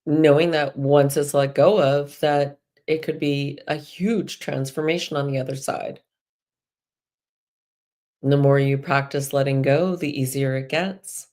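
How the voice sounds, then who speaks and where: Slow, low-voiced woman guiding a meditation. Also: fairly even intonation, darkish tone. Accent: slight Irish lilt. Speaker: spiritual healer and host. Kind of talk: guided meditation.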